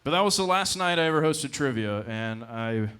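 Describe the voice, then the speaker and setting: A man's voice: on the high side, animated, moderate pace, sharp tone, clean tone. A young man telling a loose, profane stand-up story on a comedy club stage into a handheld mic.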